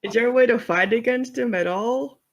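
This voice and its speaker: A player in a tabletop role-playing game, talking casually and asking lots of questions. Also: medium pitch. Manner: unhurried, questioning, laughing easily.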